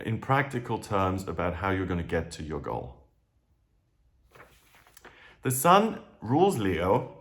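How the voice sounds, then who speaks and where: A man with a fairly low voice giving an informal astrology reading. He talks in a loose, chatty way, wanders into asides, and often restarts his sentences mid-thought. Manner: chatty, digressive, with frequent restarts. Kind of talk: casual astrology talk.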